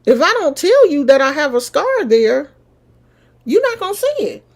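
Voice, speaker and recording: A middle-aged woman, casually telling a personal story straight to her viewers in an animated, chatty way. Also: high-pitched, normal speed. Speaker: vlogger.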